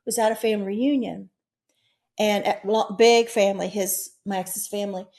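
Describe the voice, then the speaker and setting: Woman, 60s, interview guest, heartfelt storyteller, mid-range voice that jumps up high and loud in the tense moments. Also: fairly even intonation, moderate pace. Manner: earnest, emotional storytelling with sudden high, loud bursts. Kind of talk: recounting personal near-death experiences.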